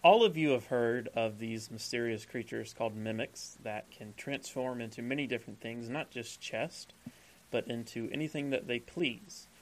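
A game master describing the scene to his players. He is a man with a medium-pitched voice and a loose, relaxed narrating manner. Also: moderate pace, poor audio.

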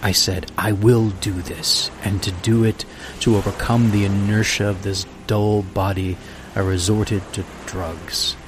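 A man voicing a weary, sleepless, despairing man in a storybook reading, speaking slowly and broodingly. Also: lowish voice, fairly even intonation, background noise, close to an everyday voice. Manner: slow, weary, brooding speech.

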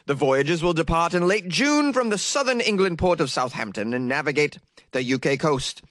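A man's voice: fairly high pitch, very animated, moderate pace, a bit bright, no echo, clean studio sound. A man putting on a stiff, pompous male British newsreader voice to read the news. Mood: mock formal.

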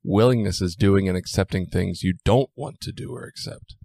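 A man's voice: low-pitched, normal speed, gravelly, mellow, no echo, studio quality. A man co-hosting a podcast in casual chat, blunt, swearing freely and laughing often. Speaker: podcast co-host.

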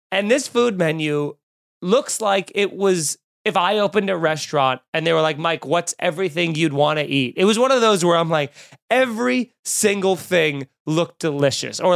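A man from Long Island hosts a podcast and tells a funny story in a loose, chatty way. He exaggerates for laughs and acts out the scenes. His voice sits high for a man. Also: creaky. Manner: animated, exaggerated comic retelling. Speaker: podcast host. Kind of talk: casual comic storytelling.

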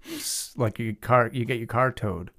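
Gravelly New man, casual. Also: medium pitch, measured pace, a bit bright, no echo, studio quality. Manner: laid-back storytelling, swears freely. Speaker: podcast co-host. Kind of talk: casual chat.

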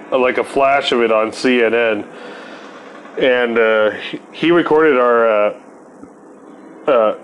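A man's voice: medium pitch, a little hiss or hum. A man in his forties telling rambling, profane stories in a laid-back stoner way as the host of his show. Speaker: podcast host. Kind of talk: casual storytelling.

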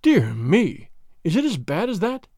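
Man doing a sly middle-aged spy, quiet and sarcastic, mock-gallant, close dry storybook voice. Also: high-pitched, very animated, normal speed, no echo.

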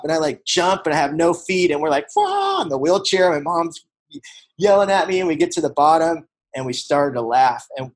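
A man in his forties giving a personal recovery testimony, telling a family story earnestly, growing hushed at the tender parts. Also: a little high, poor audio. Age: 40s. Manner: earnest, storytelling, shifts to hushed when emotional. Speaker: recovery speaker.

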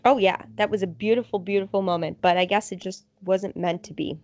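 A young adult woman co-hosting a casual chat, telling stories with lively acted-out quotes. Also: mid-range voice, brisk, no room sound. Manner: animated storyteller, acts out quotes. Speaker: podcast co-host.

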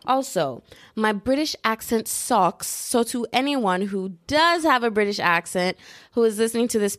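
Young woman rambling on her podcast from home, slangy and jokey, kinda low voice, dry close sound. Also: no echo. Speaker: podcast host. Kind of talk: casual solo podcast chat. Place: indoors, at home.

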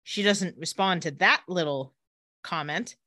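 A woman's voice: measured pace, no room sound, clean studio sound. A woman co-hosting a podcast, casually recapping a TV episode and acting out the characters' lines. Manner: animated, dips into low voices for characters. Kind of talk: casual chat with acted-out quotes.

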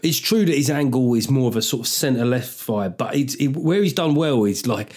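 Man, forties, podcast host, sweary, jokey solo monologue, medium pitch. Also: expressive, fairly quick, a little mellow. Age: 40s. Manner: sweary, joking, riffing on listener names.

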